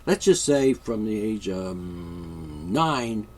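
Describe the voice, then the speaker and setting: A man's voice: lowish voice, very animated, slow pace, darkish tone, far from the mic, faint music behind. A man vlogging a rambling comic monologue, joking in a mock-royal tone.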